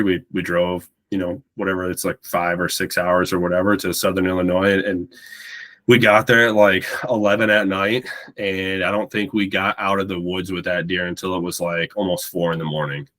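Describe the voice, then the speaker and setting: Deep-voiced man telling a story. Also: flat delivery, normal speed, fairly bright tone. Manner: rambling, repeats words while recounting. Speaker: podcast guest. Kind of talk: casual storytelling.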